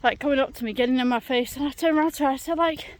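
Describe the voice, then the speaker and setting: A woman's voice: sits high, racing. A British woman vlogging outdoors on a countryside path while walking her dog, telling an exasperated, chatty story with lots of fillers. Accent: British English. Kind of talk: ranting storytime vlog.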